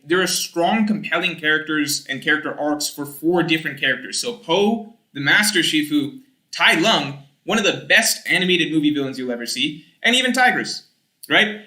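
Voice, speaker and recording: A young man streaming, reading chat aloud and rambling in casual, animated talk with some swearing. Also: a little high, moderate pace, reverberant.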